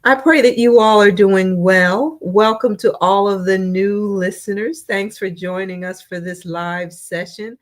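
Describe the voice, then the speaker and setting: A woman's voice: medium pitch, fairly even intonation. A woman hosting her channel's live stream, greeting viewers by name and chatting about updates. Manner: slow, drawn-out greetings, reading names one by one. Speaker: channel host.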